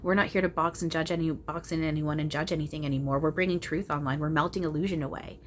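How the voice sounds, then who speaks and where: Woman, young adult, lowish voice, earnest casual chat, animated, home recording, faint background hiss. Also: quick pace. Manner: earnest and animated, frequent restarts and laughs. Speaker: spiritual channeler and video host. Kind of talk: casual spiritual chat to camera. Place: at home, small room.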